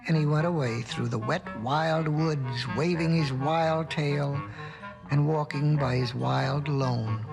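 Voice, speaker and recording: A man narrating a storybook in a gentle, lilting voice that stretches its words. His voice sits a bit high with a gravelly edge. Music plays behind him on a restored vinyl record. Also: slow pace.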